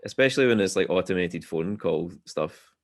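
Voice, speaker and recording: A Scottish man chatting as a podcast guest, telling relaxed, self-deprecating stories. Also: low voice, normal speed. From Scotland. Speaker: guest musician. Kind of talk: casual podcast chat.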